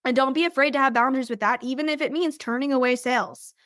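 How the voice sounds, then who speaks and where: Upbeat woman coaching on sales, high voice, keeps saying right, dry sound. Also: steady tone, fast talker, a bit bright, no echo. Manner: chatty, upbeat, says "right?" constantly; acts out invitees in bubbly voices. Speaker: business coach. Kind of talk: recorded coaching training.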